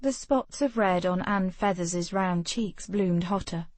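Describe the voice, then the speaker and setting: A woman's voice: fairly low pitch, a little slow, a little mellow, dry recording. Woman narrating an audiobook, dry. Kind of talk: scripted narration.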